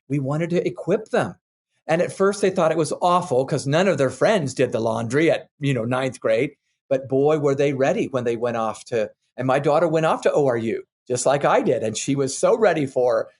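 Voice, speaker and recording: An older man, a parenting expert, telling earnest, animated anecdotes as a guest in a candid interview. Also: a little high, slightly rough.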